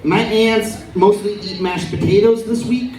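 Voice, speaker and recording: Slow high-voiced stand-up man, roomy. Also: a little hiss or hum. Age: 30s. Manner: absurd deadpan storytelling. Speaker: stand-up comedian. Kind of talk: stand-up comedy set. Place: comedy venue stage. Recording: roomy live room, distant, crowd laughter. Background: audience laughing.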